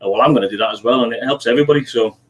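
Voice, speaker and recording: A man's voice: medium pitch, very fast, poor audio. A man from Liverpool with a Scouse accent, hosting a casual livestream chat in a friendly, chatty way. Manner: chatty, friendly, calls people mate. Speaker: channel host on livestream.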